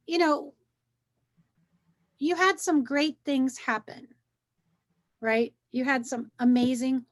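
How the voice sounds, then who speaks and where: A woman hosting a wellness conversation, coaching gently and encouragingly, often repeating phrases to make her point. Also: on the high side. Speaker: wellness talk host.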